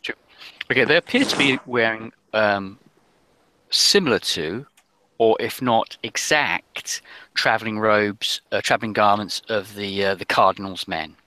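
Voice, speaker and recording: A man narrating as game master of a tabletop game, describing scenes hesitantly with many pauses and restarts. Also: fairly low pitch, bright, forceful tone, a little hiss or hum.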